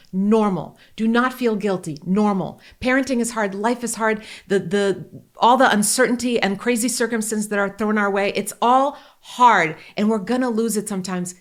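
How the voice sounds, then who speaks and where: A woman in her forties hosting a podcast, chatting casually, joking and telling candid stories. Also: medium pitch. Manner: animated, joking and candid storytelling. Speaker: podcast host.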